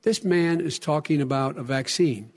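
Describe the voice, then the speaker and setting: A man in his seventies in a heated live debate, earnest and pointed, with frequent halting restarts. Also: a little high, darkish tone. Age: 70s. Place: debate stage in a hall.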